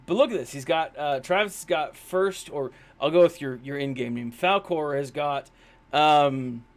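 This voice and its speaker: A man casually commenting on a mobile game during a live stream, rambling and self-deprecating, with lots of fillers. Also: medium pitch. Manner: chatty, rambling, with many fillers.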